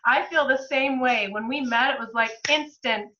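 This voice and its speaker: High bright woman on a lo-fi call. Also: normal speed. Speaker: guest speaker. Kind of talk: casual chat on a video call. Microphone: video call.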